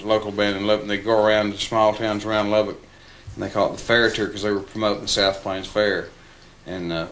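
A man's voice: lowish voice, fairly bright tone, slight background noise. A man in a documentary interview, telling a story from memory in a rambling way with many fillers. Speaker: interviewee recalling a musician friend.

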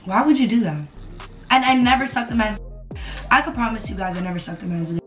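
A woman telling a casual storytime on camera, animated and profane, repeating herself for emphasis. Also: on the high side, quick pace. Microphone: camera mic. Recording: roomy echo, faint music behind.

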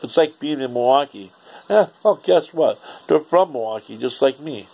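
A man's voice: medium pitch, animated, normal speed, gravelly, mellow, husky. A man, ranting casually and profanely in a rambling home vlog. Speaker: vlogger.

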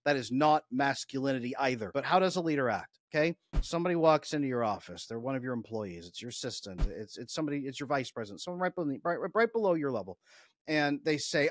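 A man's voice: medium pitch, lively intonation, quick pace, no room sound. Emphatic instructive male coach, dry sound. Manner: emphatic, instructive, role-plays dialogue. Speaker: attachment coach. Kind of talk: podcast discussion.

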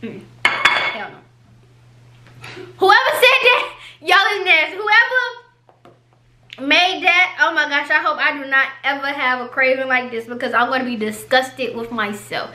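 Woman vlogging with her man, high sharp bright voice, teasing, kinda out of breath. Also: measured pace, pauses often. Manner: playful, teasing, talks straight to viewers. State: out of breath, tired. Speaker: vlogger co-host. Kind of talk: casual couple vlog.

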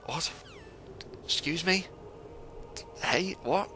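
A young man commentating a stealth video game for viewers, excitable and swearing as he plays. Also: fairly high pitch, drawn-out words. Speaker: gamer playing a stealth game. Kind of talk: let's play commentary. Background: game music.

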